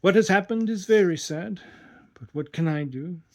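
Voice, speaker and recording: A man reading aloud and voicing a young Italian fisher lad who speaks gravely and haltingly. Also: sits high, darkish tone, voice pushed up.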